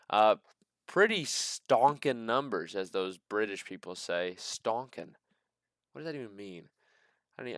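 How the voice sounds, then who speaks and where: A man from the American Midwest hosts a laid-back stock market commentary, wandering through earnings reports with jokey, sarcastic asides. His voice is lowish and slightly bright with a clean tone, recorded at studio quality with no echo.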